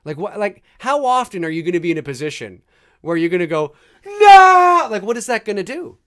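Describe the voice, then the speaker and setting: A man talks over a movie in loose, joking commentary, laughing and tossing in mock lines from the scenes. His voice sits high and swings widely up and down as he reacts. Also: animated, fast talker, a bit bright. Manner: chatty, jokey, reacting with laughs and mock quotes. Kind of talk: casual live movie commentary.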